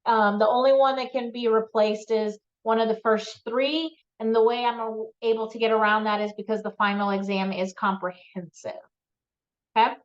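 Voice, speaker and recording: A woman's voice: on the high side, fairly even intonation, moderate pace. A woman math instructor giving classroom announcements, with frequent ums, checking in with "okay?". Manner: frequent ums, repeats key points with "okay?". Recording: dull lo-fi lecture recording.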